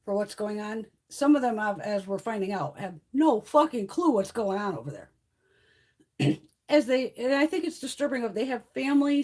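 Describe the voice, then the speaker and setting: A woman hosting a beauty livestream, chatting casually in a blunt, profane, animated way and laughing often. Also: fairly high pitch, normal speed.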